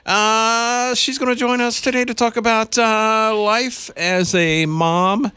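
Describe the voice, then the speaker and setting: A man's voice: high-pitched, fairly even intonation, slow, bright, forceful tone, clear, resonant tone, no room sound. A man hosting a morning radio show, chatting in an easygoing, supportive way. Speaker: radio host. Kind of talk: casual morning radio chat.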